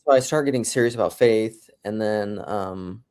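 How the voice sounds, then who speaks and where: A man's voice: fairly low pitch, normal speed, darkish tone, smooth. A middle-aged man from South Dakota in casual conversation, telling his story in a rambling way and often restarting his sentences. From South Dakota, USA. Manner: rambling, self-interrupting storyteller.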